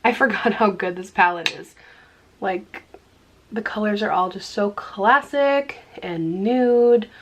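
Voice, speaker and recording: A woman beauty vlogger chatting casually while doing her makeup, bubbly and laughing often, dropping into hushed asides. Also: medium pitch, slow, a little hiss or hum. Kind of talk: casual get-ready-with-me chat.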